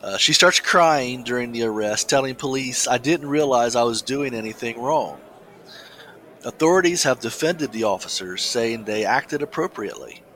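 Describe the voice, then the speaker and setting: Over a rough recording, this man co-hosts a casual talk show, stumbling through a news story with plenty of fillers and false starts. His mid-range voice is a bit bright with lively intonation, and he coughs like something is stuck in his windpipe.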